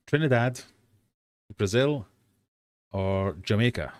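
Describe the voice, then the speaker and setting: A man's voice: lowish voice, lively intonation, normal speed, dry recording. A British man hosting a live-stream quiz from his fish room, reading out questions and chatting with self-mocking dad jokes.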